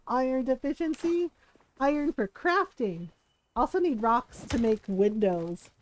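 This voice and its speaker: A woman game streamer telling a family story in a casual, animated way, laughing often and swearing freely. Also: high voice, takes it slowly, slight background noise, poor audio. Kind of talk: casual storytelling while gaming.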